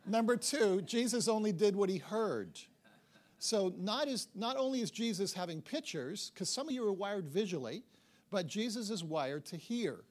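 A man delivers a sermon to a congregation, telling a personal story and slipping into the other people's voices as he goes. His voice sits a little higher than most men's. He sounds middle-aged. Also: moderate pace. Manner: animated storytelling, acts out dialogue. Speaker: pastor.

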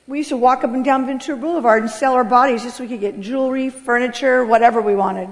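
A middle-aged American woman gives a personal testimony in a fairly high, gravelly voice. She tells her story earnestly, and her voice rises with emotion at the big moments. A long hall reverb trails behind every word. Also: steady tone, fast. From United States. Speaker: speaker giving a testimony.

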